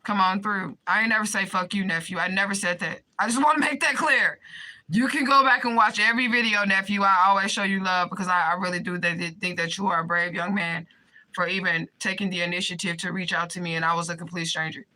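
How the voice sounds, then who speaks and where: A woman's voice: on the low side, fairly even intonation, fast, pushed and bright, rough recording. A woman in a direct-to-camera vlog rant, swearing often and pleading with emphatic repetition. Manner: impassioned, pleading. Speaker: vlogger addressing viewers.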